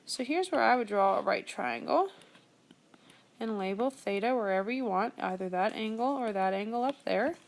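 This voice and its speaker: A woman's voice: a little high, moderate pace, gravelly. A young woman teaching a math lesson, talking through each step as she works problems aloud. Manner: steady step-by-step explaining, thinking aloud. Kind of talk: screen-recorded math lesson.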